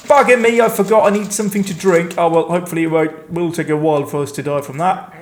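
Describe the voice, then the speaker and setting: A man talks his way through a game, rambling and poking fun at himself as he goes. His voice sits a little higher than most men's. Every so often he breaks into panicked outcries. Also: fairly even intonation, quick pace, darkish tone. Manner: chatty, rambling, self-mocking. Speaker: let's play host. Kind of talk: gameplay commentary.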